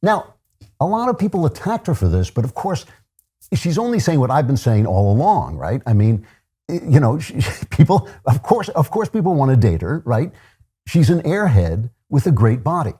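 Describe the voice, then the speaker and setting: A man's voice: medium pitch, sing-song, moderate pace, dark tone, breathy edge. An older man hosting a political commentary show, delivering a sardonic, opinionated monologue with chuckling asides.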